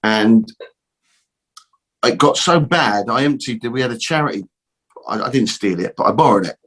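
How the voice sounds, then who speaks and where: A man's voice: mid-range voice, animated, moderate pace, a bit bright, breathy edge. A middle-aged man, a guest telling a long personal story in a casual, rambling way with mild swearing. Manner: rambling, repeats words, swears mildly. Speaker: guest, optical shop owner.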